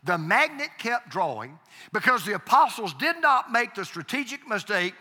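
Male pastor, bright, sharp-edged voice, emphatic sermon delivery, long hall reverb. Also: high-pitched, big pitch swings, moderate pace. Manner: emphatic, repeats phrases, calls for congregation response. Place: church sanctuary.

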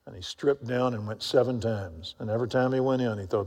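Folksy preacher in an echoing hall. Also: male voice, medium pitch, fairly quick. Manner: folksy storytelling, acts out characters, swings from loud to hushed. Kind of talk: sermon. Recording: long reverb of a hall.

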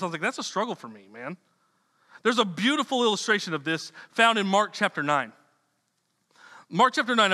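A man's voice: high-pitched, bright, forceful tone. A man preaching a sermon in a loose, conversational way, repeating words and dropping slangy asides. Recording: long reverb of a hall.

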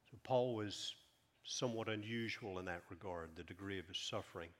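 Man preaching, low-pitched, emphatic, swings from loud to quiet. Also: a little fast. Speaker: pastor. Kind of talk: sermon.

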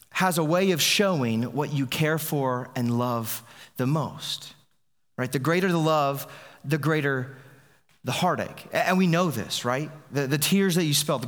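A man's voice: a little high, a bit bright. A man preaching a sermon as a pastor, in a conversational way with frequent restarts. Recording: long reverb of a large hall.

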